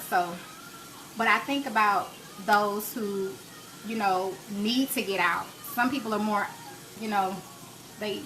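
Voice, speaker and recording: Brief: woman, late 30s, bright and forceful voice, chatty and preachy host on a live cooking stream, faint noise behind. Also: mid-range voice, rough recording. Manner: chatty, preachy, encouraging faith talk. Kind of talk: live-stream chat with viewers. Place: home kitchen.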